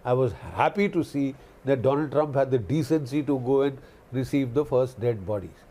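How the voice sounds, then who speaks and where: A man's voice: medium pitch, expressive, moderate pace, dark tone. A man giving impassioned commentary on a TV news panel, repeating key phrases for emphasis. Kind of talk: impassioned televised debate commentary.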